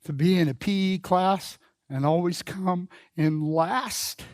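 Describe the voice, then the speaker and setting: A male pastor with a fairly high voice preaches a sermon. He repeats key phrases and calls the congregation to answer back, building in force as he goes. His voice is heard close and dry, with little room sound. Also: slow, dry recording. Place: church sanctuary.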